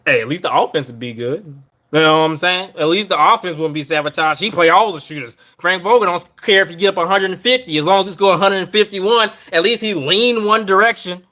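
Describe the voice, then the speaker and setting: Guy ranting on his basketball podcast, high bright voice, keeps repeating himself and trailing off, totally fed up. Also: a little fast. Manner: exasperated, rambling, repeats himself. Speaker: podcast host. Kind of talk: ranting live stream sports talk.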